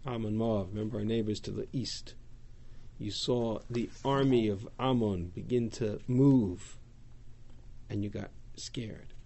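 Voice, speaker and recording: A man teaching a text-study class, reading Hebrew verses aloud and paraphrasing them in an animated way. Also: fairly low pitch, a little slow, vocal fry, husky. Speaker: Torah teacher.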